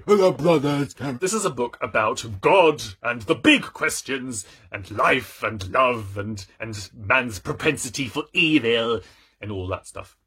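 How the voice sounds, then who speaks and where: A husky-voiced man in his thirties talks through his books in a playful, theatrical way. His pitch leaps and dips constantly, and he pokes fun at himself as he goes. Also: pushed and bright. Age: 30s. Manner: playful, theatrical, self-mocking. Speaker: book vlogger. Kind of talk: casual chat about books.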